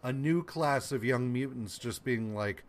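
Man, podcast co-host, casual comics chat, animated, curses freely, mid-pitched voice. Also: measured pace. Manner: animated, swears casually, slips into mock voices.

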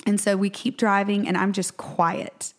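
A woman in her forties telling a story in casual chat as a podcast co-host, acting out quotes with lively jumps in pitch. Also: a little slow.

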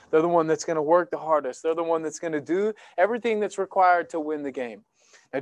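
A man preaching a sermon in church, animated and conversational, acting out little exchanges as he goes. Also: on the high side, dry recording. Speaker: pastor. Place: church sanctuary.

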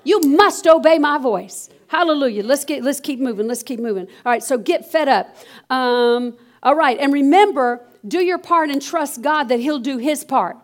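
High-voiced woman preaching a sermon. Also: normal speed. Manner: animated, call-and-response preaching with exclamations.

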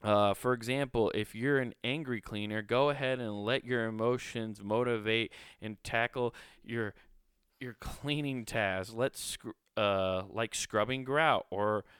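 A man's voice: mid-range voice, a bit bright, clear, resonant tone, no room sound, studio quality. Rambling, foul-mouthed podcast guy. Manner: rambling, profane, lots of fillers. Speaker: podcast host. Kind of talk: casual solo podcast chat.

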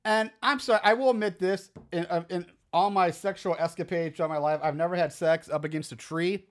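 A podcast co-host rambles through crude, laughing asides about a horror movie in casual, profane discussion. His voice is high and steady, and he speaks fairly quickly.

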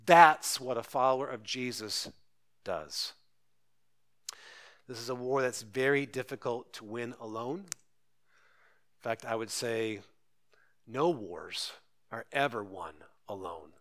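A man's voice: mid-range voice, fairly bright tone. A man pastor preaching a sermon, earnest and urgent, pressing listeners with rhetorical questions.

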